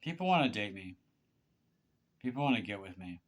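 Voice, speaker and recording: A man giving a confessional monologue to one person, halting and aggrieved, with stammered restarts and repeated words. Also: lowish voice, sing-song. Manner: aggrieved, pleading. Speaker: vlogger.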